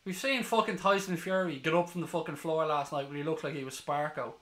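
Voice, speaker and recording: A man streaming a live football watchalong, ecstatic and swearing, reading chat messages aloud, hoarse from screaming. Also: fairly high pitch, steady tone, fast talker, fairly bright tone, roomy sound.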